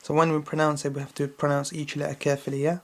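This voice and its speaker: A man teaching slow Quran recitation to children. He is patient, repeats each verse several times and checks in with a questioning "yeah?". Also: on the high side, level tone.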